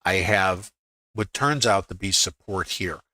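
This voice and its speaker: A middle-aged trading educator on a live stream walks through his trades on screen, thinking aloud and quoting his own inner voice. His voice sits low and moves a little slowly with a sharp tone, and there is no room sound.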